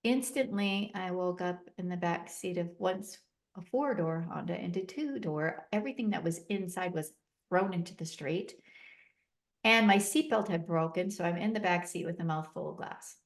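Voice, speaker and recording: A middle-aged woman with a somewhat low voice tells her own story as a podcast guest. She recounts events vividly, acting out each exchange with emotion. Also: normal speed. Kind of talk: personal storytelling.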